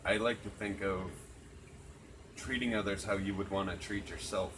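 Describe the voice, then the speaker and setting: Earnest low-voiced man, crickets behind. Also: steady tone, normal speed, background noise. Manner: earnest, reflective, swears freely. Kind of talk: casual chat. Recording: crickets chirping loudly behind.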